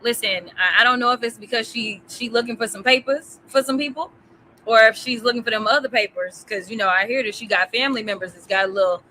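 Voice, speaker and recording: Woman interviewee, bright forceful voice, blunt and confident, faint noise behind. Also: on the high side, quick pace, poor audio. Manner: blunt, confident, sly asides. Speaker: interview guest. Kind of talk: candid interview conversation.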